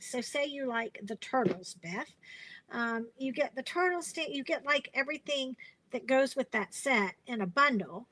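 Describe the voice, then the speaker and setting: A woman's voice: high voice, a bit bright, low-quality recording. A woman hosting a casual craft live stream, chatty and rambling, with lots of fillers and restarts, and she sounds tired.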